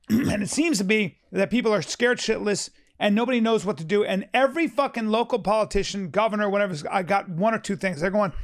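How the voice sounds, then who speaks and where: A man's voice: sits high, brisk. A man talking in a casual podcast chat, emphatic and profane, restarting sentences often and acting out quotes.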